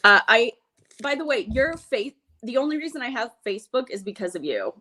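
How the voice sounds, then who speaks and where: Young woman from Ukraine, deadpan comic guest, video call from a home room. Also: a little high, brisk. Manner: wry, deadpan jokes. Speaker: comedian guest. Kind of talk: casual video-call interview. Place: home room being turned into a studio. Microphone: laptop or phone on a video call.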